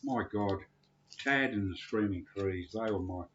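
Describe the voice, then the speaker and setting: Tipsy deep-voiced man rambling. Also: a little slow, fairly bright tone, highs cut off, slight background noise. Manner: crude, rambling, cursing freely. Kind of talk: casual rambling monologue.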